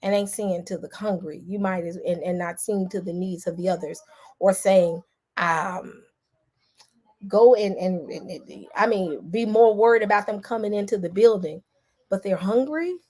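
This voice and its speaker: A woman vlogger with a mid-range, somewhat dark voice talks at normal speed, giving her viewers casual commentary. Her delivery is emphatic and repetitive, full of restarts, and aimed right at the audience.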